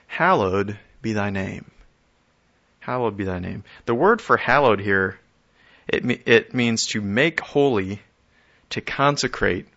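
Bright-voiced man preaching a casual sermon. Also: lowish voice. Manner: conversational, repeats words, soft chuckles. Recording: dull lo-fi audio.

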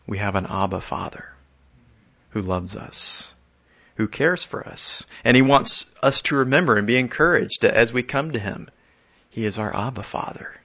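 A man preaching a conversational sermon. He often restarts and repeats his words and chuckles softly. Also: on the low side. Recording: dull lo-fi audio.

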